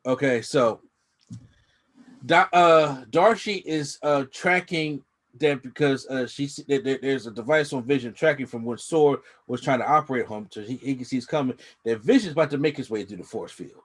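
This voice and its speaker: A man's voice: mid-range voice, moderate pace. A man co-hosting a casual review chat, rambling with slang and frequent restarts. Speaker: co-host reviewing a TV episode.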